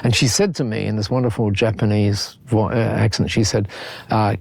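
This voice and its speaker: Gravelly Australian man telling stories. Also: on the low side, moderate pace. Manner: animated, repeats words often, laughs between points. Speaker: guest. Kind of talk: conversational podcast storytelling.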